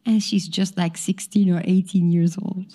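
A woman's voice: on the low side, little pitch movement, moderate pace, warm tone. A woman telling a dramatic story to an audience, drawing listeners in with questions.

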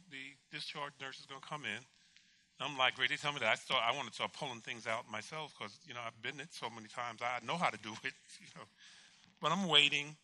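A man, a pastor, telling a personal story in a casual, animated way, acting out the dialogue and laughing often. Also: mid-range voice. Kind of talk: storytelling testimony.

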